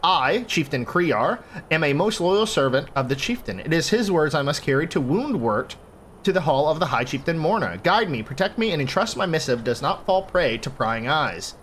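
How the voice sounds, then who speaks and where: A man's voice: fairly high pitch, very animated, normal speed, a bit bright, slight background noise. A loyal envoy of a northern chieftain speaks in a formal, ceremonious way, read out by a man. His phrasing is stiff and dutiful, a game character asking for protection.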